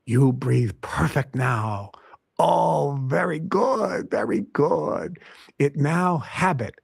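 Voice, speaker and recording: A man voicing an elderly Chinese kung fu grandmaster, speaking slow, broken English with a Chinese accent. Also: a little high, lively intonation, gravelly, breathy edge, no room sound, studio quality, heavily acted. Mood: approving.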